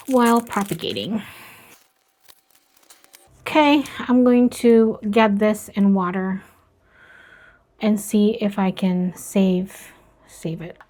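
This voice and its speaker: A woman vlogging about plant care, talking softly and slowly as she works, with worried asides. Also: mid-range voice. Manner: slow, soft-spoken, worried asides. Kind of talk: casual narration while working.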